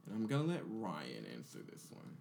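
A man's voice: fairly low pitch, wildly swooping pitch, normal speed, gravelly, a little mellow, slight background noise. A man hosting a casual roundtable podcast, joking with friends and reading out game questions. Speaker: podcast host. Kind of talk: casual group chat.

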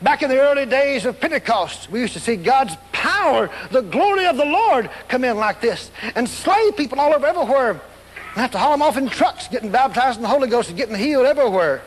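Animated high-voiced male preacher in a hall. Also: a little fast, a little hiss or hum. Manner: animated, acts out scenes and voices, laughs along. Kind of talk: storytelling sermon.

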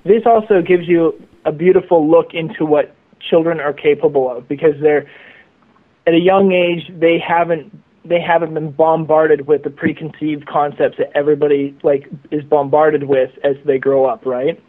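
A man's voice: fairly high pitch, steady tone, moderate pace. A man telling a story as a guest over the phone, rambling and repeating words. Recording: tinny phone line.

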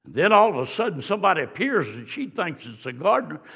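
A man preaching a fiery sermon, swinging from hushed storytelling to shouted exclamations. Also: sits high, very animated, fast, creaky, husky. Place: church sanctuary. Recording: long church reverb.

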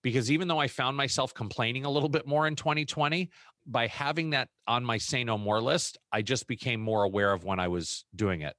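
A middle-aged man co-hosting a podcast in casual chat, reflective and unhurried, laughing easily. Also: medium pitch, fairly bright tone, no echo, studio quality. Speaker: podcast co-host.

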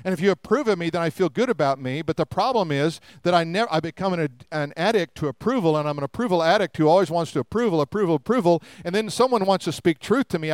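A man's voice: high voice, smooth, dry recording. An older man preaching a sermon in a conversational way, with humorous asides and rhetorical questions to the congregation. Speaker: pastor.

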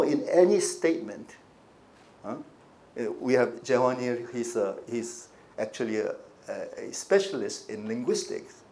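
A man preaching a sermon in a conversational way, asking the listeners rhetorical questions and swinging between quiet asides and emphatic points. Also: on the high side. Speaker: pastor.

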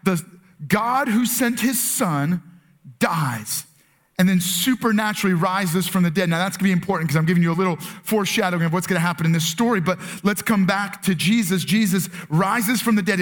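A man's voice: sits high, fairly bright tone. A man preaching a sermon as pastor, earnest and conversational, with frequent fillers and restarts. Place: church with multiple campuses and online stream.

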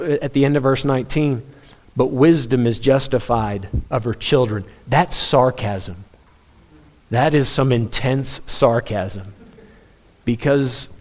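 A man's voice: mid-range voice, a little mellow. Earnest man preaching. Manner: earnest, emphatic preaching with rhetorical questions and repetition. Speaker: pastor. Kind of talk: sermon.

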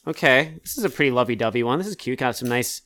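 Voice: mid-range voice, animated, fast talker, a bit bright. A casual podcast co-host with an ordinary, mid-range voice. They banter easily, ask incredulous questions and read story summaries aloud in a loose, joking way. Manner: easygoing, reacts with disbelief and jokes.

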